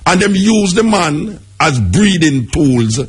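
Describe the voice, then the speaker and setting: Very raspy Jamaican man, lively pitch. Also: takes it slowly. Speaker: radio host. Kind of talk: radio talk and commentary.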